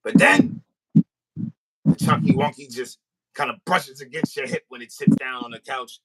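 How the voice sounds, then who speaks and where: A man's voice: medium pitch, sing-song, normal speed, long pauses, a loud crowd. A man hosting a podcast, telling a comic story in a rant and acting out both sides of a phone call. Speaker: podcast host. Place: recording studio.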